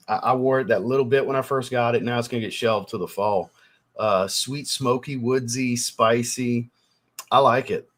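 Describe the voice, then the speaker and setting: This man, whose voice is medium-pitched and a bit bright, hosts a fragrance livestream while getting over a cold. He chats casually with viewers and reads their comments, staying loose and profane and swearing often.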